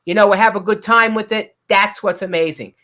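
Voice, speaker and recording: A man from Brooklyn hosting a casual talk show, excitable and repeating himself often. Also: high-pitched, a little fast. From Brooklyn, New York. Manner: excitable, repeats words and phrases. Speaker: host.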